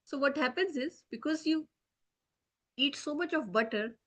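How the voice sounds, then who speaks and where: A woman whose voice sits fairly high leads a children's lesson, telling a story with lively energy. She keeps asking the kids "okay?" and "right?" to keep them engaged. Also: normal speed. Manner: animated, checks in often with the kids. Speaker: children's teacher.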